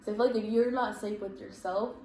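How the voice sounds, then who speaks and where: A woman's voice: mid-range voice, steady tone, quick pace, crowd noise. Earnest woman host in an echoey room. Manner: earnest, reflective, leans heavily on "like". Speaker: podcast host. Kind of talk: casual chat. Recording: roomy echo with faint background noise.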